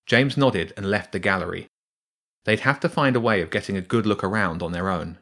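A man narrating a children's story in a steady, measured reading. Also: on the low side.

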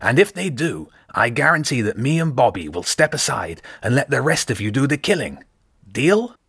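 A man reading an audiobook, voicing a smooth and confident male rat mercenary leader with a persuasive, assured manner. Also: medium pitch, sing-song, normal speed, a bit bright, dry recording, clean studio sound, pitched above the performer's own voice, full character voice. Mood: scheming.

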